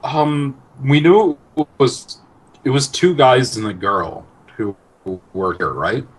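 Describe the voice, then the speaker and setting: A man's voice: medium pitch, takes it slowly, husky, poor audio. A man playing a tabletop game, talking casually and thinking aloud as he rambles through his moves. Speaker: player.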